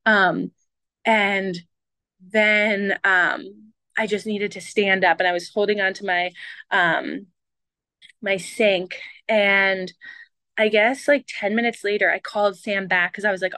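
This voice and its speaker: A woman's voice: medium pitch, fairly even intonation, measured pace, sharp tone, no echo. A woman guest on a podcast, telling a story in a chatty way, full of fillers and acted-out dialogue. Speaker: guest, medical doctor. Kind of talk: casual storytelling in a podcast interview.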